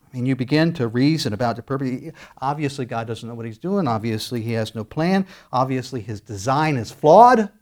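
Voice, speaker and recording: A man preaching a sermon, animated, acting out quoted voices as he goes. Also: medium pitch, fairly quick. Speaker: pastor.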